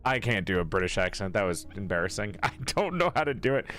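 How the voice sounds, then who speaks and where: A man's voice: on the low side, big pitch swings, fast, a bit bright, soft background music. A man streaming, chatting casually with his viewers, joking and teasing as he reads their messages aloud and answers.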